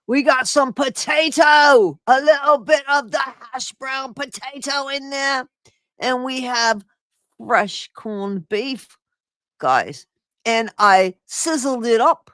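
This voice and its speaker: A woman hosting a live stream, chatting casually and excitably with her viewers. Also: high voice, slow pace, no echo, clean studio sound. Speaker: streamer host.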